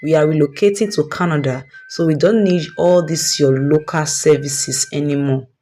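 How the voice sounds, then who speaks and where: A woman's voice: sits low, moderate pace, warm tone, a little hiss or hum, lightly acted. A woman voicing a spoiled, entitled young daughter with a haughty, dismissive manner.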